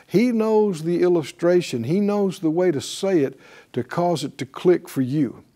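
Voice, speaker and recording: Mellow-voiced man teaching the Bible. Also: high-pitched, animated. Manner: emphatic, with deliberate slow stresses.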